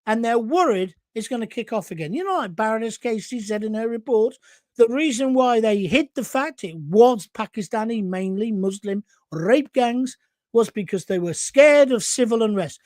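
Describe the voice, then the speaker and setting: A man's voice: sits high, animated, moderate pace, a little mellow, no room sound, studio quality. A man hosting an opinionated talk show, ranting sarcastically and reading out viewer messages. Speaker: show host.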